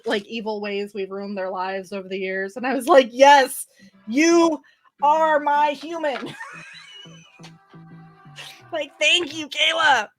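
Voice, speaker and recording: A young American woman streaming live, chatting playfully and swearing freely. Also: a little high. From United States. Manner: animated, playful and swearing, with sudden squeals. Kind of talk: casual live-stream chat.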